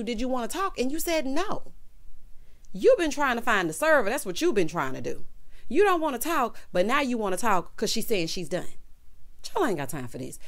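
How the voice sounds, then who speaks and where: Sassy woman recapping reality TV. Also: medium pitch. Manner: sassy, talks straight to viewers, calls them honey and child. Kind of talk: casual recap commentary.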